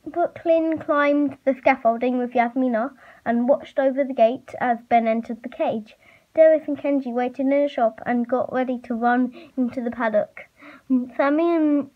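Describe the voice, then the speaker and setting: A woman reading a fan story aloud, halting and stumbling with fillers. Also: high voice. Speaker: reader. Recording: muffled lo-fi recording.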